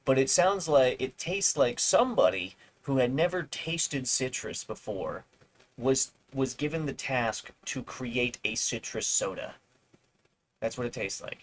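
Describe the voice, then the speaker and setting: A man's voice: mid-range voice, expressive, unhurried, low-quality recording. A male streamer reading an article aloud with rambling, sarcastic asides. He swears now and then and trips over words as he reads. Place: home streaming setup.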